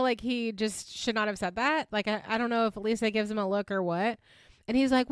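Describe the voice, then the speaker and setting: With a slightly high voice at a moderate pace, a tired woman chats through her reality TV recap podcast, giggly and rambling, full of "like"s. The sound is clean and studio quality, with no room sound.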